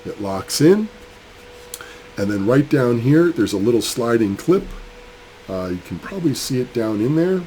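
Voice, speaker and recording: A man's voice: mid-range voice, very animated, moderate pace, long pauses, warm tone, slight background noise. A man, fired up and ranting in a casual vlog while building a mining rig, sick with a cold. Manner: angry, fired up, rambling. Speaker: crypto mining channel host.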